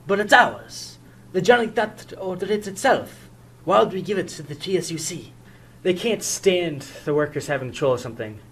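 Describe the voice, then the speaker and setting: A student performing every role in a homemade audio drama, swinging between hushed lines and loud outbursts. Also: medium pitch, slight background noise, low-quality recording.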